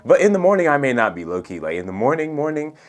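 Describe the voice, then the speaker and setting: A young man in his twenties telling a story in a casual, laid-back way, using lots of slang and filler words, with a soft, soothing voice. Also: a little high, big pitch swings, fast. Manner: laid-back, profane slang, says "bro" and "like" a lot. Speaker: storytelling vlogger. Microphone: USB studio microphone.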